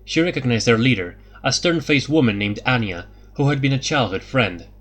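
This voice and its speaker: A man narrating a fantasy audiobook in a steady, even reading. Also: medium pitch, moderate pace.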